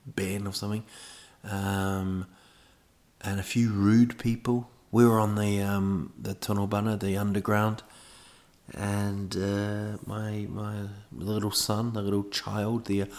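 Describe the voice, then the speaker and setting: A man's voice: on the low side, little pitch movement, slow pace, darkish tone. A man hosting a podcast, telling a rambling comic monologue full of digressions and self-mocking asides. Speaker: podcast host.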